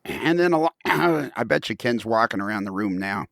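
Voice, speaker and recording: A man's voice: mid-range voice, expressive, normal speed, vocal fry, a bit bright, no room sound. A man hosting a podcast, joking and rambling with many restarts and fillers. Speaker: podcast host. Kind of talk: comedic casual podcast banter.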